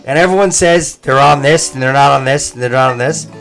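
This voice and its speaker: A man's voice: medium pitch, brisk, creaky, fairly bright tone, faint music behind. Profane rambling man. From Cape Breton, Canada. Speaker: livestream host. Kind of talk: casual party chat.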